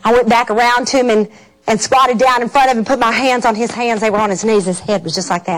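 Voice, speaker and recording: A middle-aged woman telling a personal faith story to an audience, animated and laughing, acting out the scenes. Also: a little high, fast. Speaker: speaker.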